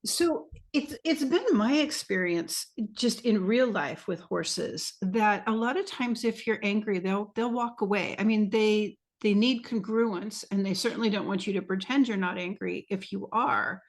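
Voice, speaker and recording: A woman hosting a podcast interview who asks reflective, thoughtful questions. Her voice has a strong gravelly fry and sits at an ordinary middle pitch. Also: measured pace, few pauses. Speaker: podcast host. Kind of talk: casual interview conversation.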